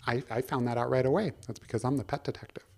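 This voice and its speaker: A man's voice: medium pitch, animated, measured pace, a little mellow, natural voice. A man doing a pompous pet detective. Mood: self-important. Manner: pompous, self-important. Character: pompous male pet detective, self-assured.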